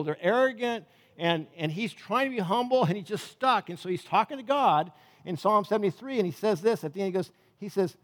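Man, pastor, conversational sermon, asks the crowd questions, high voice, echoing hall. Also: animated, a little fast, a bit bright.

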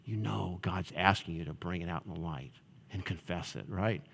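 A man voicing a sly male devil who speaks low and hushed, coaxing and threatening. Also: normal speed, gravelly, exaggerated voice. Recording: long reverb of a large hall.

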